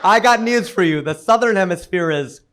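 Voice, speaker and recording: A man performing stand-up on a comedy stage, his voice sitting a touch high and swinging widely in pitch. He tells stories with punchy asides thrown straight at the crowd. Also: expressive, moderate pace, fairly bright tone, slight background noise. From United States.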